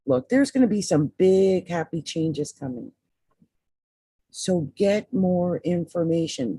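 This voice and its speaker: A woman's voice: lowish voice, a little slow, warm tone, breathy edge, no echo. A woman giving a casual tarot reading, chatty and emphatic, often repeating the sign's name, her voice dry. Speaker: tarot reader and astrologer.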